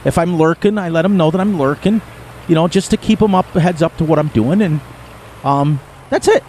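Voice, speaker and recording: A man's voice: fairly high pitch, brisk, a little mellow, slight background noise. A middle-aged man chatting to his viewers during a live game stream. He rambles in a folksy way and laughs often. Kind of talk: casual rambling chat to viewers.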